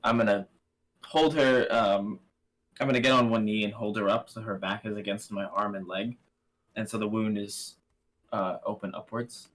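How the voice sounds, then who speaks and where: A man's voice: on the low side, steady tone, moderate pace, a bit bright, poor audio. A man playing in a tabletop game, casually describing his character's actions. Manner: casual, swears, narrates own character. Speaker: player.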